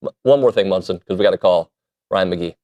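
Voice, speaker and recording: A man hosting a sports talk show, talking casually in an animated, joking way that pokes fun at himself. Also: low-pitched, quick pace, narrow, tinny audio. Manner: animated, self-deprecating, jokey. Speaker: sports radio host.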